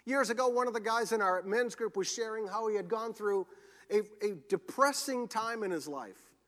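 A man preaching a sermon as pastor, earnest and slowing down to press scripture home. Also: high-pitched, a bit bright. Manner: earnest, slows for scripture and emphasis. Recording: long hall reverb.

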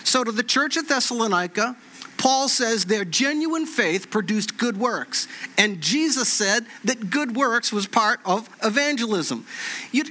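Male pastor preaching, high bright voice, tells stories in an animated way. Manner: animated storytelling, repeats phrases for effect. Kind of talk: sermon with a personal story.

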